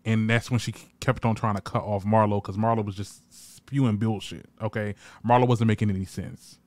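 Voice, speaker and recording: Sassy man with a crisp, dry voice. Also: on the low side, fairly quick, dry recording. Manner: sassy, blunt, swears freely; animated, acts out quoted lines. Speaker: reality TV reviewer. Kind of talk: casual recap commentary.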